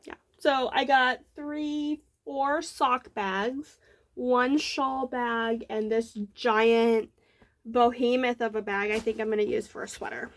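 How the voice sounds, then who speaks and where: Casting a young woman, high voice, unhurried, excitable rambling crafting chat. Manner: bubbly, rambling, many fillers, excited gushing. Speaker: knitting podcast host. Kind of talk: casual show-and-tell chat.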